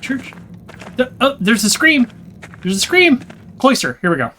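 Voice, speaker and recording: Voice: medium pitch, big pitch swings, unhurried, bright, forceful tone, slight background noise. A gamer giving let's play commentary, thinking aloud and often sounding confused while reading the game's text aloud. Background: game music.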